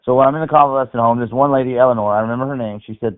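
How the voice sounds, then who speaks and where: A man calling in to a live show, telling a profane story with animated energy. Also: mid-range voice, racing, few pauses. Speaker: caller. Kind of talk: storytelling on a phone call. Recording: phone line.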